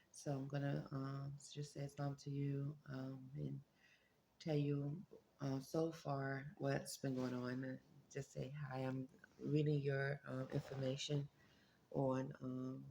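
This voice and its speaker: A woman recording a casual morning video diary in her apartment, just woken up with her voice lower than usual, talking haltingly with many ums and restarts. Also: creaky, dark tone, a little hiss or hum. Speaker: vlogger. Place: apartment room with window open.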